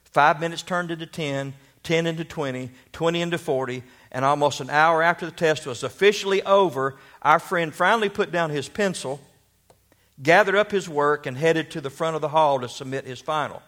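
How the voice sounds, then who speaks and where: Higher-pitched male preacher telling a story. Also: moderate pace, a bit bright. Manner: storytelling, rhetorical questions. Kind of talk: sermon with storytelling.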